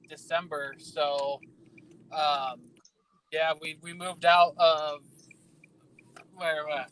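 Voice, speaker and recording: A soft-spoken, hesitant man on a video call, sitting away from the mic. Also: a little high, poor audio. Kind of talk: casual video call chat.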